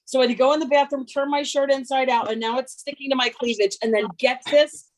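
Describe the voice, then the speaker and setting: A woman in her fifties telling a comic story over a video call, brash, animated and self-mocking. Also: sits high, quick pace. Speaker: workshop participant.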